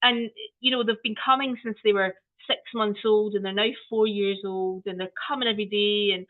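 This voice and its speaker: A woman giving an online training talk on children's play, animated and playful, often exclaiming. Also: mid-range voice, a little fast. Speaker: early-years play trainer. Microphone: video call. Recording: tinny video-call audio.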